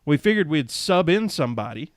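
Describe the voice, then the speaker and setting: A man with a fairly high voice, hosting a podcast and spinning a loose story. He rambles easily and laughs a lot. The sound is close and dry. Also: big pitch swings, brisk, no echo. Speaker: podcast host.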